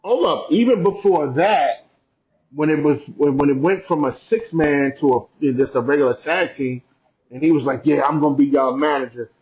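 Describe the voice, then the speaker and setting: A man with a slightly high voice, co-hosting a wrestling podcast and dropping quick, slangy remarks. His recording sounds dull and lo-fi. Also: darkish tone. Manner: short interjections and slangy asides. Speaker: podcast co-host. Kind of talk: casual wrestling recap chat.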